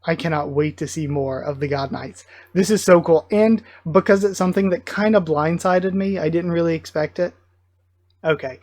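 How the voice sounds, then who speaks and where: A man giving live reaction commentary, thinking aloud in an excited, musing way and often correcting himself mid-thought. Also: on the high side, no room sound. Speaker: reaction video host.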